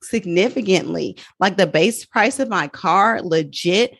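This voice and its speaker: A woman, a money coach, talking as a podcast guest in a frank, animated, slangy way. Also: lowish voice, unhurried, vocal fry, dry recording. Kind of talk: casual podcast chat.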